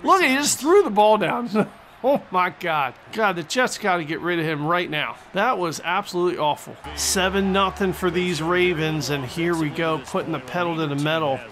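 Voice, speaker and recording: A man giving excitable, jokey play-by-play commentary over a football video game. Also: high voice, normal speed. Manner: excitable and jokey, mock-announcer delivery. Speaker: gaming commentator.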